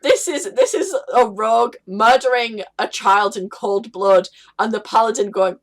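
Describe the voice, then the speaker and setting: A woman co-hosting a podcast, ranting excitably and swearing a lot. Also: fairly high pitch, a little slow, hardly any pauses. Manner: excitable, sweary, acts out voices in rants. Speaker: podcast co-host. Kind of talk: casual podcast chat.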